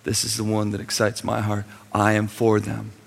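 A man speaking as a gentle, loving heavenly father in a soft, hushed, reassuring way, heard with long hall reverb. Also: lowish voice, completely flat delivery, normal speed, gravelly, husky. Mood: tender.

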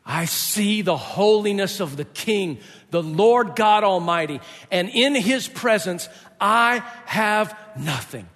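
A man's voice: high-pitched, lively intonation, slow, few pauses, full character voice. A man voicing a terrified ancient male prophet, who cries out in panic. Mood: despairing. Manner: shouting in panic. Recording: long hall reverb.

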